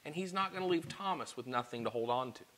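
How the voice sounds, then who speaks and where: Earnest male preacher, bright forceful voice. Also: medium pitch, animated, fast talker. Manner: earnest, swings from quiet confession to loud emphatic questions. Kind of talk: sermon.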